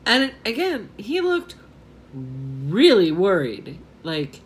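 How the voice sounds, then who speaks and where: A woman's voice: fairly low pitch, huge pitch swings, slow. A woman in her twenties from New York, telling a rambling story on her vlog and often laughing at herself. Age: 20s. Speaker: vlogger.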